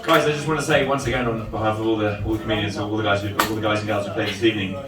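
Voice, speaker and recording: A man, hosting a comedy night and telling jokes loudly with lots of swearing. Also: fairly low pitch, racing. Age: 30s. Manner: loud, animated joke-telling with swearing. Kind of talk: stand-up comedy. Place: comedy venue with audience. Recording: roomy live venue from far off, loud crowd.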